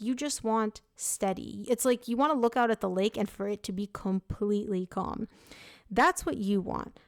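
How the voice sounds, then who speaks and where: A young woman giving a casual tarot reading, talking frankly and loosely with lots of "like" and quick self-corrections. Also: on the high side, no echo, clean studio sound. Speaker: tarot reader.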